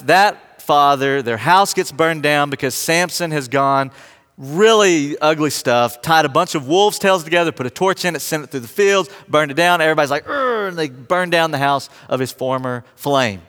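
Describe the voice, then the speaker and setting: A man preaching from the pulpit, high-pitched and animated as he retells an old story. He slips into little voices for each character and jokes with the congregation. His voice rings out with the long reverb of a large sanctuary. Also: moderate pace, clear, resonant tone. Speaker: pastor. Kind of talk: sermon.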